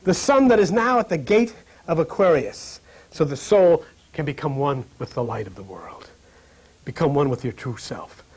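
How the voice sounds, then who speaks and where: High-pitched guy rambling spiritual talk show stuff, laughing through his stories, goes all hushed and low on the deep bits. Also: animated, breathy edge. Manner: drops to a hushed, low, slow voice on spiritual lines. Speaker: host of a spiritual talk program.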